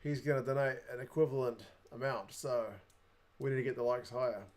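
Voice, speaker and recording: A man's voice: medium pitch, fairly even intonation, a little fast, a little mellow. A young adult man with a New Zealand accent, hosting a casual livestream, chatting away and reading viewer comments aloud. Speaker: livestream host.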